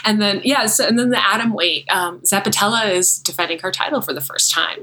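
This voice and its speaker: A woman's voice: medium pitch, brisk, bright, forceful tone, a little hiss or hum, rough recording. An American woman co-hosting a fight-sports podcast, talking casually in a rambling, self-deprecating way and laughing often. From United States. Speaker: MMA commentator and podcast co-host.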